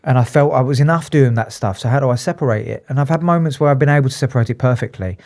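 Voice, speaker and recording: Earnest man, dark-toned voice. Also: mid-range voice. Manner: earnest, emotional, halting with restarts. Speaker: psychotherapist and addiction specialist, guest. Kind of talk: candid interview talk.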